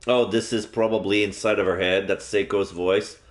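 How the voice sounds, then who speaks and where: A man's voice: fairly low pitch, fairly even intonation, moderate pace, few pauses. A man streaming a game live, commenting with wry, joking asides.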